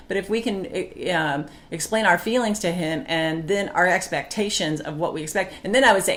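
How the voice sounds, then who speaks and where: Animated woman with a lilt. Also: on the low side, fast, few pauses. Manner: animated, acts out her past outbursts. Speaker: co-host of a marriage talk show. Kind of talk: casual chat with reading aloud.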